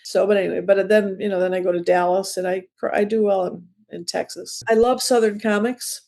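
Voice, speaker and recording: A woman's voice: mid-range voice, steady tone, fairly quick, creaky, darkish tone. A woman in her seventies from the Chicago area, a comedian chatting as an interview guest in a rambling, self-deprecating storytelling way. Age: 70s. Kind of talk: casual interview chat.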